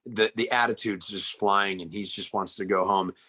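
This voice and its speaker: A man's voice: lowish voice, steady tone, moderate pace, sharp tone, husky. A man talking about making a film in a casual interview, earnest and reflective, often restarting his sentences. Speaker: actor in the film.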